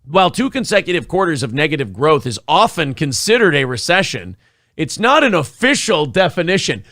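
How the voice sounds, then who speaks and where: Brief: wry, cussing male host, a touch high-pitched, dry close mic. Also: sing-song, brisk, pushed and bright, no echo. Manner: sarcastic, profane, mock-outraged. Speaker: podcast co-host. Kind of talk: casual chat.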